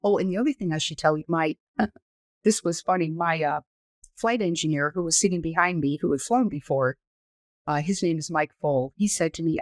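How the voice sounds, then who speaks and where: A woman in her sixties, a former astronaut guest on a podcast, telling her story in a detailed, measured, explanatory way. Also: sits low, no room sound. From United States. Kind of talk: conversational storytelling interview.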